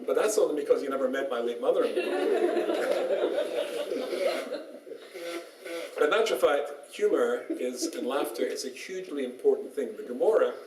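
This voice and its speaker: A man's voice: medium pitch, fairly quick. A man, a rabbi, giving a humorous lecture and telling jokes and stories as he goes. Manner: joking storyteller, lively, laughs often. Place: small synagogue lecture room. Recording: roomy, distant, faint background noise.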